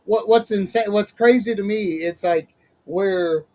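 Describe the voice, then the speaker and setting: A man's voice: high voice, measured pace, darkish tone, low-quality recording. A man hosting a casual chat as a minister, folksy and chatty, laughing often. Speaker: host, minister.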